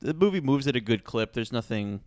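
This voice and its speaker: Podcast co-host, male, loose rambling delivery, very animated pitch, dry booth sound. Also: brisk, clear, resonant tone, no room sound. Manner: relaxed, rambling, restarts often. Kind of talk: casual chat reviewing a film.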